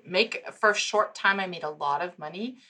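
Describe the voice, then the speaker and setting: A German psychologist and founder in her forties appears as a podcast guest in a casual interview chat. Her voice is fairly low and moderately paced, and she tells stories with animation, laughing often.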